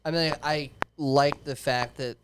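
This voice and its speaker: A man's voice: fairly high pitch, steady tone, unhurried. A man co-hosting a casual podcast, swearing freely and saying "dude" constantly. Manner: profane, says "dude" constantly. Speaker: podcast co-host. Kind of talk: casual chat. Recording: noisy recording.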